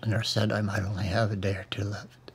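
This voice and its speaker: An actor playing a bitter, dying male classics professor who talks in a quiet, probing way. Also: lowish voice, little pitch movement, a little fast, vocal fry, noisy background. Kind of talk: TV drama acting.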